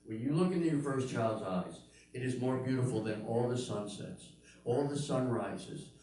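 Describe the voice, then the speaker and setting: A man's voice: medium pitch, animated, moderate pace, mellow. Older male stand-up comic with punchy storytelling. Mid-range voice, very roomy echo, mic set back. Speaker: stand-up comedian. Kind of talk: stand-up routine. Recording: very echoey room, mic at a distance.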